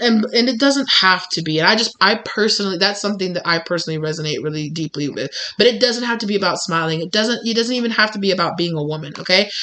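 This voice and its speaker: Her voice is medium in pitch, pushed and bright. This young tarot reader gives a casual monologue for her channel, talking candidly and emphatically with plenty of fillers like "like" and "you know."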